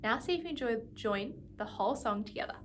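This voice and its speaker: A woman's voice: a little high, expressive, fast talker, a little hiss or hum. A woman music teacher giving an instrumental lesson, patiently explaining and counting beats aloud.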